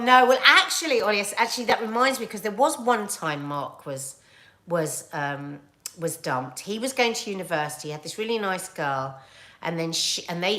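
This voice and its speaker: Chatty British woman, lowish voice. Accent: British English. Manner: animated, chatty storytelling with laughs and asides. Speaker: livestream host reading viewer comments. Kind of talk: casual chat.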